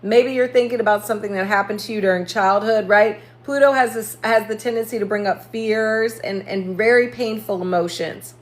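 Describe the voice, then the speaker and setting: A woman's voice: medium pitch, steady tone, normal speed, hardly any pauses. A woman astrologer hosting a casual live stream, chatting and laughing, greeting viewers by name and correcting herself as she goes.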